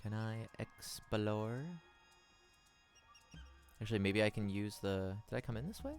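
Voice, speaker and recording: A man's voice: fairly low pitch, fairly even intonation, a little slow, faint music behind. A man streaming a video game, commenting casually and reading game text aloud in a playful, goofy way.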